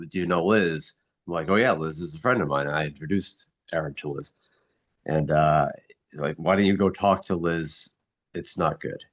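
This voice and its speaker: Very deep-voiced grieving man, halting. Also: highs cut off. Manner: halting, somber, many restarts. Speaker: mastermind group member. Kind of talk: casual chat.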